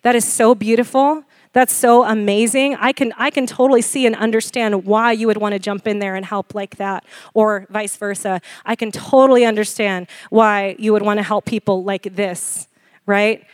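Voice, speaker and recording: A woman in her forties preaching a sermon, animated and laughing often as she questions the congregation. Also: mid-range voice, moderate pace, no room sound, studio quality. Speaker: pastor.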